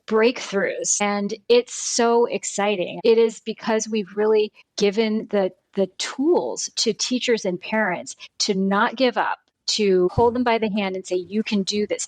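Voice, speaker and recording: Middle-aged woman, podcast guest, earnest storyteller, mid pitch, dry close recording. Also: dry recording, low-quality recording. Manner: warm storytelling, earnest, frequent "right?" and "you know". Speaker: guest, pediatric nutrition program founder. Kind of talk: conversational podcast interview.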